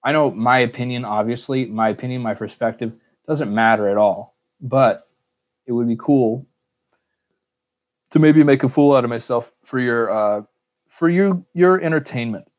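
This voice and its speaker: A man's voice: medium pitch, normal speed. An American man hosting a casual solo Q&A podcast, rambling, cursing freely and joking at his own expense. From United States. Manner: rambling, swears a lot, self-mocking. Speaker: podcast host.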